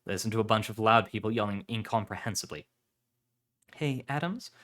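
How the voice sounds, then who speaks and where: A man reads a story aloud on a live stream, keeping a steady narrating pace. His voice sits on the low side, and he corrects small slips as he goes. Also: fast talker.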